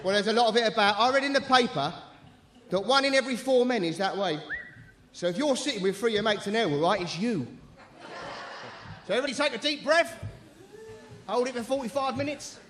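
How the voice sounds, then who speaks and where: A man's voice: very high-pitched, animated, fast, fairly bright tone, a little hiss or hum. A man compering a live show, bantering with the crowd in a cheeky, bawdy way. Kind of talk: stand-up compering. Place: live venue stage.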